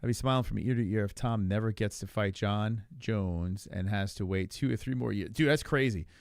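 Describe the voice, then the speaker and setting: A man co-hosting a casual podcast, talking in an animated, profane and rambling way. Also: on the low side, moderate pace, vocal fry, dry recording, studio quality. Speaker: podcast co-host. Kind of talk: casual chat about fights.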